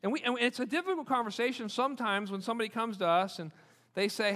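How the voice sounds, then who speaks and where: Bright-voiced pastor preaching in a reverberant hall. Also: male voice, very high voice, fast. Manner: animated, repeats points for emphasis, acts out quoted people. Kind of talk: sermon. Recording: long reverb of a large hall.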